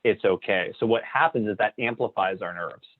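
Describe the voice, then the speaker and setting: A man leading a training session in an energetic coaching way, acting out sample lines. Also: on the low side, moderate pace. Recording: dry, tinny phone-like line.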